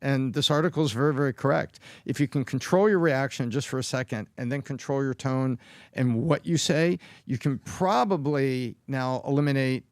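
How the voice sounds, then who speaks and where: A man's voice: mid-range voice, normal speed, no room sound, studio quality. A married man co-hosting a casual chat, telling a rambling story and laughing mid-sentence. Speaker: co-host.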